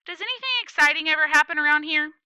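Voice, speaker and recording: A woman's voice: sits high, lively intonation, fast, pushed and bright, dry recording, dull audio, pitched above the performer's own voice, heavily acted. A woman voicing an eager, chatty girl of nearly nine who fires off bubbly questions.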